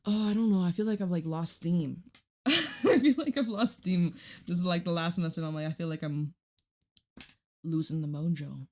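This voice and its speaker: A woman's voice: fairly low pitch, normal speed, a little mellow. A woman giving a casual tarot reading to camera, chatty and reassuring, swearing casually and jumping between thoughts. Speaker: tarot reader.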